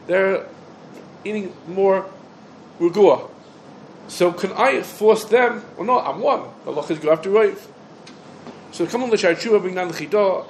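Middle-aged guy teaching torah law, high voice, lively, bit of hiss behind. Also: low-quality recording. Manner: quick, animated, quotes back and forth. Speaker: rabbi teaching halacha. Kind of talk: Torah lesson lecture. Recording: faint background noise.

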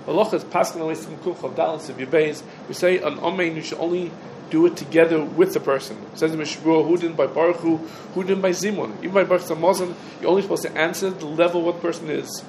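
A Torah teacher with a slightly higher voice leads an informal halacha class for a room of listeners, speaking quickly in a steady tone. He keeps posing rhetorical questions and answering them himself, his speech packed with Hebrew terms, while a faint room hum sits in the background.

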